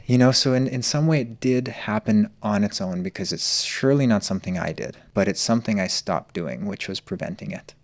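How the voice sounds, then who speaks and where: A man's voice: fairly low pitch, no echo. A man telling his personal story as a podcast guest, earnest and searching. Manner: earnest, open, slow and searching.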